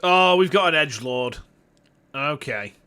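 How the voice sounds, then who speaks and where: A man's voice: a little high, animated, unhurried, pushed and bright, clean tone. A man streaming a game as a VTuber, chatting casually with swearing asides. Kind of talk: casual let's-play commentary. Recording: music playing underneath.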